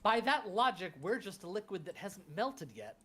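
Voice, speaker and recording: Game master, animated and playful, calling turns. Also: medium pitch, moderate pace. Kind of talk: running a tabletop game.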